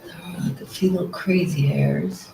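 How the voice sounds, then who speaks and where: A live-stream painter talking casually while working, muttering to themself, repeating words as the brush moves and often dropping to soft whispers. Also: medium pitch, steady tone, moderate pace, vocal fry, slight background noise. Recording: roomy echo.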